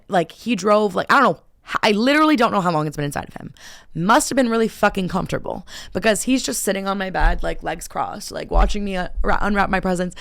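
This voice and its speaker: A young woman hosting her own show, telling stories in a loose, animated way with constant filler words and frequent swearing. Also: medium pitch, creaky, no room sound, studio quality. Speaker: podcast host. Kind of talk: casual chat. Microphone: camera and close mic.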